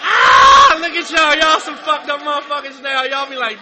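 A middle-aged man telling his story at a recovery meeting, profane and comic, shouting at times and then going quiet and sincere. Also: extremely high pitch, big pitch swings, moderate pace, a loud crowd, very noisy. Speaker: speaker sharing at a recovery meeting. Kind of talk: raw comedic testimony. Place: meeting room.

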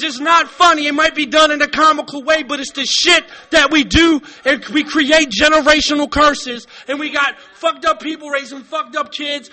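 A man gives an emotional recovery testimony at a meeting, blunt and full of profanity. His voice sits very high and has a tense, piercing edge. He often rises into shouting. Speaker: recovering addict sharing at a meeting.

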